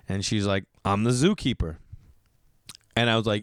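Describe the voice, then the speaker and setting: An animated Boston man spins a loose, profane story for his podcast, his voice smooth and resonant. The sound is close and dry, with no room in it. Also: medium pitch, moderate pace, long pauses, dry recording. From Massachusetts. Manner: animated, profane, lots of "like" fillers. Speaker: podcast host. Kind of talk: casual storytelling monologue.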